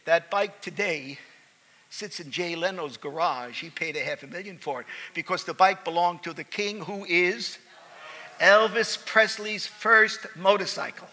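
A man preaching a sermon, telling a story and building to loud, fervent preaching. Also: on the high side, normal speed.

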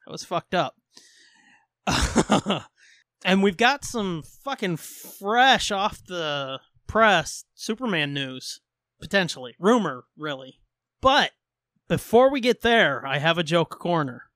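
A man's voice: sits high, lively intonation, slow, bright, forceful tone, dry recording, clean studio sound. A man hosting a podcast in casual chat, joking crudely and laughing often. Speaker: podcast host.

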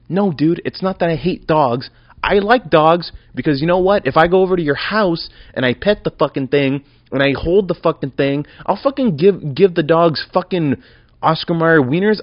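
Animated, profane young man ranting on a podcast. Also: on the high side, no echo, highs cut off. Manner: profane, rambling and animated, with swings between mumbling and loud outbursts. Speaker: podcast host. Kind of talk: casual solo podcast rant.

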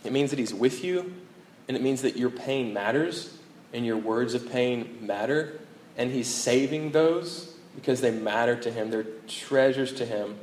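A man preaching a sermon as pastor, earnest and emphatic, falling to a hushed tone on key lines, with conversational restarts and fillers. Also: mid-range voice, measured pace, slight background noise, poor audio.

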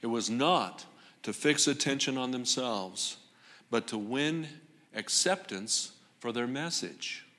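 A man preaching a sermon with dramatic pauses and rising emphasis on repeated phrases. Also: mid-range voice, lively intonation, bright, forceful tone. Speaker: pastor. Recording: long hall reverb.

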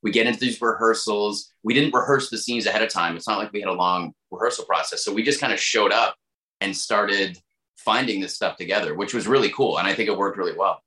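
A man's voice: on the low side, brisk, echoey room, low-quality recording. A man, an actor, chatting in an interview and looking back on working on set. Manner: relaxed, reflective storytelling. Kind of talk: casual interview talk.

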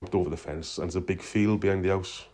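A man's voice: deep voice, steady tone, fast, mellow. A man calling in to tell a long, rambling story, swearing in nearly every sentence. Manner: profane, swears constantly; loose, meandering storytelling. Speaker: caller.

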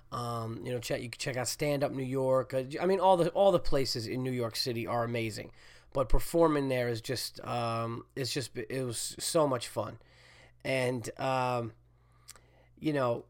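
A congested man, a stand-up comedian and podcast host, talking in a rambling, animated monologue full of fillers and swearing. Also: mid-range voice. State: congested, getting over a cold. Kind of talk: casual solo podcast monologue.

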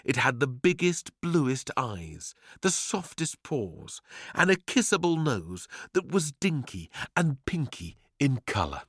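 A man's voice: medium pitch, big pitch swings, takes it slowly, slightly rough, no echo, studio quality. A man reading a children's story aloud with playful, theatrical delivery. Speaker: narrator.

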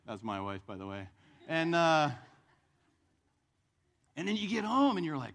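A male pastor preaching a sermon in church, telling the story with lively acted-out voices. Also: a little high, a little slow, long pauses.

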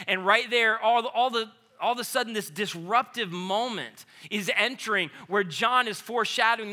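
A pastor in his thirties delivers a sermon in a high, sharply bright voice. He talks animatedly, pushing some passages loud and urgent and dropping others low and hushed. He is a man telling stories to his congregation. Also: moderate pace, hardly any pauses.

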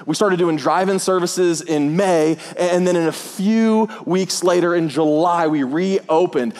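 A pastor preaching a sermon in a church, telling jokes and stories in a playful, animated way. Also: male voice, sits high, a little slow. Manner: joking, animated storytelling with put-on voices. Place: church auditorium. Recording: long hall reverb.

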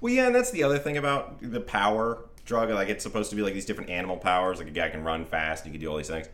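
A man's voice: low voice, expressive, quick pace, a bit bright. A man co-hosting a casual movie review podcast, dry and wry, trading mocking asides with his co-host.

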